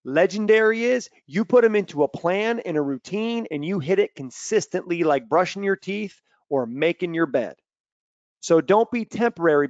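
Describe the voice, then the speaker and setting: A man running a webinar for young athletes, full of energy, who tells stories and bursts into loud acted-out quotes. His voice sits a bit high. The audio is dry and a little dull, as on a video call. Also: no echo. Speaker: mental performance coach.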